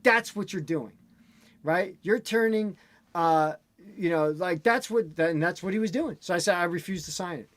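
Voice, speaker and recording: A man in casual chat, telling an animated, ranting story as host. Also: high-pitched, normal speed, dry recording.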